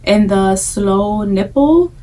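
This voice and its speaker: A woman's voice: mid-range voice, expressive, takes it slowly, mellow, recorded from a distance, low-quality recording. A young adult woman talking casually to camera about her experience as a mother, candid and chatty, often repeating phrases for emphasis. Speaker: vlogger, breastfeeding mom.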